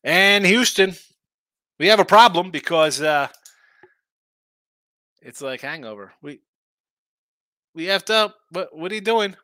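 Guy doing mlb picks, bright kinda high voice, rambly, keeps asking what teams are doing. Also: expressive, takes it slowly, pauses often, no room sound. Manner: rambling, opinionated, rhetorical questions. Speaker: sports betting host. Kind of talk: casual sports talk.

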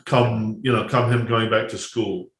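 A man's voice: on the low side, flat delivery, unhurried, a bit bright, roomy sound. A man, a film director, telling stories from his shoots in a rambling casual way, full of restarts and asides. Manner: rambling, many restarts and asides, laughs at own jokes.

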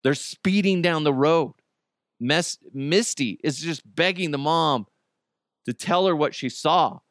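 A man's voice: a little high, slow pace, no echo, clean studio sound. A man hosting a podcast, telling a story in a loose, conversational way with fillers and restarts. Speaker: podcast host. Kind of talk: casual storytelling.

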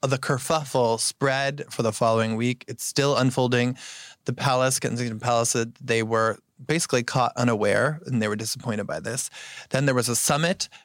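A man hosting a podcast, briskly recapping celebrity news and teasing his co-hosts. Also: mid-range voice, fairly even intonation, fairly bright tone, no room sound, studio quality. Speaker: podcast host. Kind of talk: casual panel chat.

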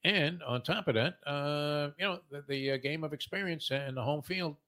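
A man's voice: on the high side, normal speed, sharp tone. A man hosting a sports betting talk show, rambling with many fillers and emphatic lifts.

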